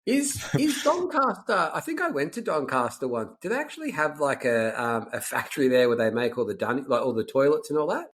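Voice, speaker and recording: A man's voice: medium pitch, big pitch swings, fast, hardly any pauses. A man with an Australian accent, a podcast host chatting in a friendly, matey way with lots of fillers. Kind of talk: casual chat.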